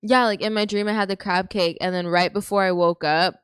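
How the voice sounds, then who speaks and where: A woman's voice: medium pitch, steady tone, brisk, clean tone, no echo, studio quality. A young woman from San Antonio co-hosting a podcast, chatting in a giggly, rambling way. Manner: giggly, rambling casual talk. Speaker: podcast co-host. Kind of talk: casual chat.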